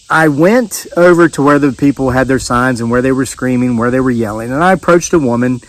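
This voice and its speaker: A man's voice: medium pitch, measured pace, pauses often, dry recording, low-quality recording. An older man telling a story to camera outdoors, in a rambling, folksy way with many fillers and restarts, sweating in the heat. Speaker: vlogger. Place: outdoors on a rural homestead.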